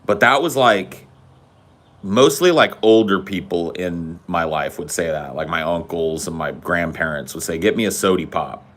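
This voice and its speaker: A man's voice: low-pitched, measured pace, fairly bright tone. A man from the United States co-hosting a podcast, trading casual banter and ranting in a profane, teasing way. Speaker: podcast co-host.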